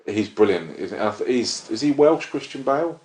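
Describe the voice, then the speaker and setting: A man's voice: medium pitch, very animated, moderate pace, a little mellow. A man hosting a casual film review podcast, rambling and enthusiastic. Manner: rambling, self-interrupting, enthusiastic. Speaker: podcast host. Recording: roomy echo.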